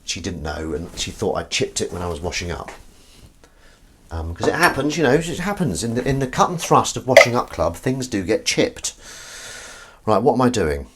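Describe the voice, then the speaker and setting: A man's voice: on the low side, sing-song, moderate pace, background noise. A man hosting a live stream while he washes up in his home kitchen, chatting to viewers in a rambling, self-mocking way. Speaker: livestream host washing up. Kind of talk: casual live-stream chat. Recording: clear kitchen sizzle and clatter behind. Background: frying and sizzling food, clinks.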